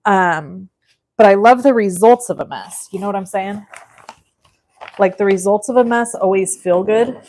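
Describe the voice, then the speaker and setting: A woman's voice: mid-range voice, normal speed, a little mellow. A woman in her forties hosting a live card-making demonstration, chatting directly to her viewers as she works.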